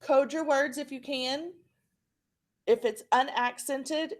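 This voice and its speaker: A woman teacher with an Oklahoma accent walks students through a phonics lesson. She talks slowly in a fairly high voice and repeats each word patiently so they can practice it. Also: steady tone.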